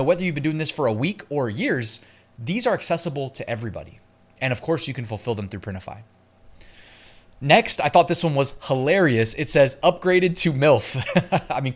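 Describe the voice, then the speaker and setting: A man hosting a casual online business tutorial, chatty and upbeat, laughing easily as he talks. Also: medium pitch. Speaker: host.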